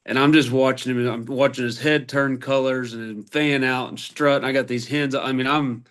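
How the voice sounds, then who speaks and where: A man's voice: medium pitch, moderate pace. Rambling man telling hunting stories. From Arkansas. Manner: rambling, animated anecdotes. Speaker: podcast guest, turkey hunter. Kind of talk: casual storytelling.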